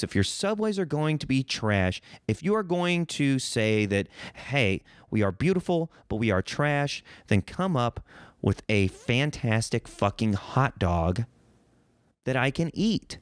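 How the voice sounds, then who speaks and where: A man's voice: medium pitch, sing-song, unhurried, no echo. A man from Missouri hosting a solo podcast, rambling and joking with a profane, self-mocking streak. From Missouri, United States. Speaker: podcast host.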